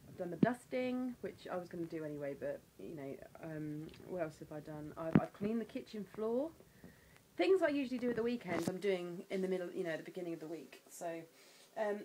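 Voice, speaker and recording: A woman chatting casually in a home vlog, sometimes breaking into high baby talk. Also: noisy background. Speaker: vlogger.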